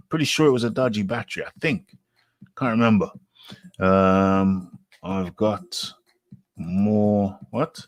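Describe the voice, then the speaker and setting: Low-voiced guy hosting a live boxing chat, rambles and repeats himself, dry sound. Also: dry recording. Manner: rambling, self-correcting, repeats phrases. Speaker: boxing talk show host. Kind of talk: casual live-stream chat.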